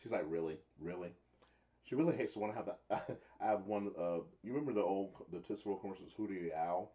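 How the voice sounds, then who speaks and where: A man co-hosting a casual live chat show who tells stories in an animated way and laughs often. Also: lowish voice, quick pace, highs cut off. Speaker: co-host.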